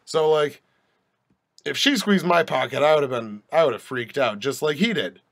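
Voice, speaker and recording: A young man with a slightly higher voice than most tells a long story on his podcast. He rambles and restarts, throws in asides, and keeps a wry, joking edge throughout. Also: normal speed, gravelly, fairly bright tone. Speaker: podcast host. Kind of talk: casual storytelling monologue.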